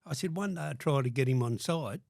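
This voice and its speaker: A man's voice: mid-range voice, expressive, fairly quick, vocal fry, a little mellow, dry recording, studio quality. An older Australian man telling blunt, profanity-laden stories in a casual interview, acting out what people said. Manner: blunt, swears constantly, acts out quotes. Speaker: guest.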